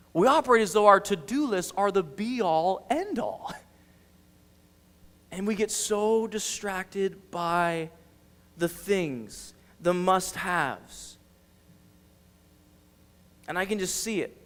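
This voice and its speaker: This youth ministry director's voice sits high, and he speaks slowly with frequent pauses, his words ringing out in a long reverb tail. Preaching an informal sermon in a church sanctuary, he's chatty and animated, uses many filler words, and acts out the story.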